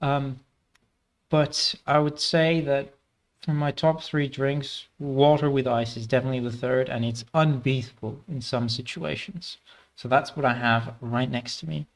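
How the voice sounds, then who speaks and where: A man's voice: mid-range voice, steady tone, a little slow. Rambling male game streamer. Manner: rambling, many fillers and restarts. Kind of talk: casual gameplay commentary.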